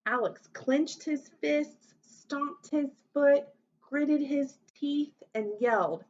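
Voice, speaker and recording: A woman teacher reading a children's story aloud, voicing the characters with big expressive lifts in pitch. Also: slow pace, lo-fi sound.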